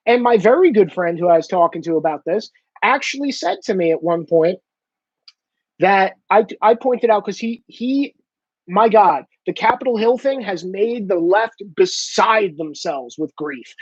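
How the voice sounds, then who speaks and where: Man, sarcastic profane rant, husky, dry, muffled recording. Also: sits high, expressive, measured pace, no room sound. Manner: sarcastic, profane, mocking impressions. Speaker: commentator. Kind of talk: comedic political rant.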